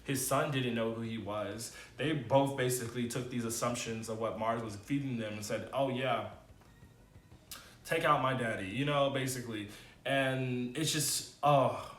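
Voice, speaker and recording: A man giving a casual, animated spoken TV review, with loose slangy talk and many fillers. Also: moderate pace, echoey room. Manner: animated, swings into high excited exclamations. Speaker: TV review vlogger.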